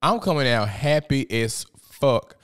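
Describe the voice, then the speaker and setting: Podcast host, male, mid-range voice; blunt, profane, animated storyteller. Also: medium pitch, measured pace, clean tone. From Memphis, USA. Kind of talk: casual podcast monologue.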